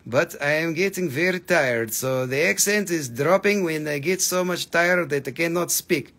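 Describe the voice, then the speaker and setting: A man's voice: on the high side, normal speed, gravelly, a bit bright. A man putting on a fake accent as a pushy gem seller, speaking hammy broken English. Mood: hamming.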